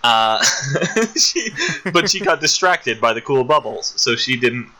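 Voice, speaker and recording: A man co-hosting a podcast in casual chat, retelling a story with animated little voices and frequent laughs. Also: medium pitch, unhurried, poor audio. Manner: laughs often. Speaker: podcast co-host.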